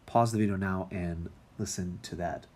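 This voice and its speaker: A man's voice: deep voice, steady tone, moderate pace, a little mellow. A man teaching music theory in a recorded lecture, talking casually with many ums and restarts.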